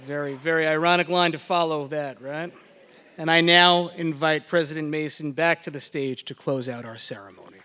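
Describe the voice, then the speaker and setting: A man's voice: fairly high pitch, moderate pace. A man acting as master of ceremonies at a ceremony, making a light joking aside before introducing the next speaker. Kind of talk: ceremony emcee announcement. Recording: loud crowd and background noise.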